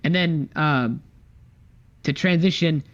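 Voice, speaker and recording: A man co-hosting a casual podcast, talking excitedly and swearing a lot as he chats about fighting games. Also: a little high, takes it slowly, highs cut off. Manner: excited, swears often, acts out character lines. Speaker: podcast co-host. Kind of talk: casual chat.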